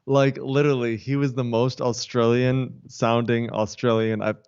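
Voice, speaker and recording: A man's voice: medium pitch, little pitch movement, normal speed, darkish tone, clean tone, no room sound, highs cut off. A man co-hosting a casual tech podcast, chatting in a loose, rambling way full of fillers. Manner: chatty, rambling storyteller with many fillers and laughs. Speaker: podcast co-host.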